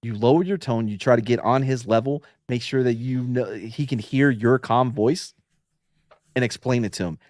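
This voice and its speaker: A man chatting on a casual podcast, telling stories about police work, sometimes dropping to a low, calm voice to show how he'd talk someone down. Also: normal speed, no echo, clean studio sound. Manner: relaxed storytelling, drops tone to mimic calm talk, swears freely. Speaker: podcast co-host, former police officer.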